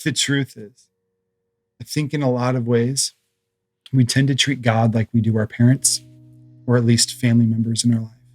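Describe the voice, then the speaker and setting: A man's voice: mid-range voice, little pitch movement, moderate pace, pauses often, dry recording, faint music behind. A man in his thirties preaching a sermon as pastor, in a conversational way, telling stories with humor.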